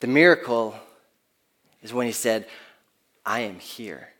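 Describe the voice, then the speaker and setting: A man's voice: medium pitch, slow pace, a bit bright. A man preaching a sermon in an earnest, conversational way, often restarting his phrases, who speaks of his own kids. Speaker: pastor.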